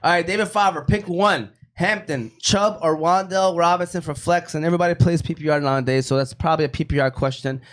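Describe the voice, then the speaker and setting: A man hosting a casual fantasy football show, reading viewer questions and breaking down plays in a rambling, animated way. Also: on the high side, fast, hardly any pauses. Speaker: fantasy football podcast host.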